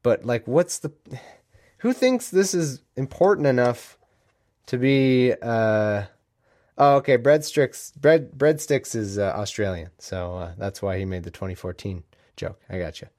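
A man's voice: medium pitch, a little slow, a little mellow. Rambling, joking man hosting a podcast. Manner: rambling, joking, self-interrupting. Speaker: podcast host. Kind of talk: casual livestream chat. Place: home room.

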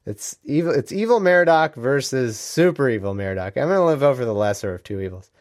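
A man's voice: medium pitch, animated, brisk. A man hosting a casual podcast stream from a room at home, rambling and joking as he keeps cutting himself off. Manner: rambling, joking, self-interrupting. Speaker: podcast host. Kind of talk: casual livestream chat.

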